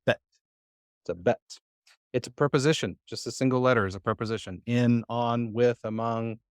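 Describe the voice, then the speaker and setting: A man's voice: medium pitch, steady tone, fairly quick, clean tone, dry recording, clean studio sound. A man teaching a live Hebrew lesson to a church class, patient and full of "uh" fillers as he quizzes his students.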